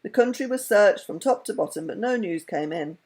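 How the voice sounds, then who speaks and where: A woman reading a children's story aloud with an expressive, lilting delivery. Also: mid-range voice, a little fast, husky.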